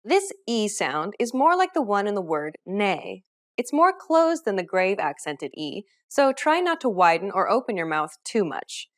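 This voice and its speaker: A woman narrating a scripted pronunciation lesson in a clear, instructive manner. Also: medium pitch, very animated, measured pace. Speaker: language teacher.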